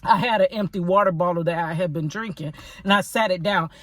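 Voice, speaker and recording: A woman's voice: lowish voice, brisk, fairly bright tone, no room sound. A woman casually telling a story on a podcast, animatedly acting out both sides of an argument.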